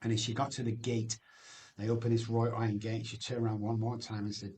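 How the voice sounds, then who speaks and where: A man's voice: fairly low pitch, flat delivery, a little fast, a little mellow. A man, telling his recovery story as a guest in an emphatic, personal way, often ending phrases with "man". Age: 60s.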